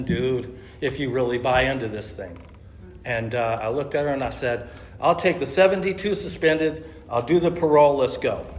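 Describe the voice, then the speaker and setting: A middle-aged Californian man with a mid-range voice tells his recovery story at a meeting, speaking casually and with slang while acting out quoted lines. The echoey meeting room adds faint ambience and slight background noise.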